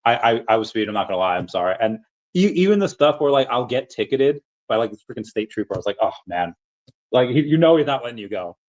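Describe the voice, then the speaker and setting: A man's voice: mid-range voice, very animated, fast talker, lo-fi sound. An American man with a rambling manner, full of restarts and fillers, chatting casually on a livestream while answering viewers. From United States. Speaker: livestream host answering chat.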